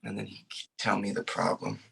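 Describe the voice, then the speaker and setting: A man's voice: fairly low pitch, very animated, moderate pace, creaky, fairly bright tone, slightly rough, poor audio. A young man hesitantly telling a family story, acting out what was said. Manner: hesitant, acts out quotes. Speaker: grandson sharing a story. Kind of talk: casual storytelling.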